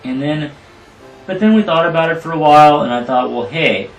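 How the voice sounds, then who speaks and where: A film director answering interview questions with earnest, rambling explanations. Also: male voice, a little high, a little fast, vocal fry, far from the mic, faint music behind. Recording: roomy, from off the mic.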